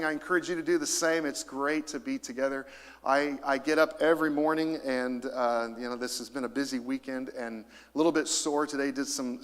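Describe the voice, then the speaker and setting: A middle-aged pastor with a medium-pitched voice preaches a lively sermon in a church auditorium. He rises to emphasis and calls out to the congregation for responses, and a long hall reverb trails his words.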